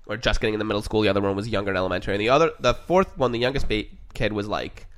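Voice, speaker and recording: A man's voice: on the low side, very fast, fairly bright tone. A young man co-hosting a podcast, telling stories in a casual chat and laughing often. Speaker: podcast co-host.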